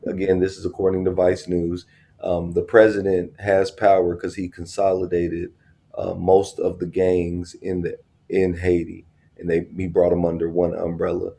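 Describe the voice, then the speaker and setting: A man with a low, gravelly voice chats casually on a podcast. His tone is dark and mellow, and he tells stories animatedly, jokes and teases his partner. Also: normal speed. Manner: joking, teasing, animated storytelling with profanity. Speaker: podcast co-host. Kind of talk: casual chat.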